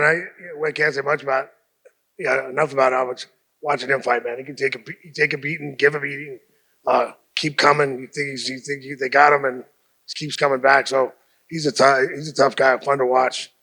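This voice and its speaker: A man's voice: medium pitch, level tone, brisk, bright, forceful tone. A man on a fighters' panel, plain-spoken, restarting and repeating phrases. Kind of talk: casual panel answers.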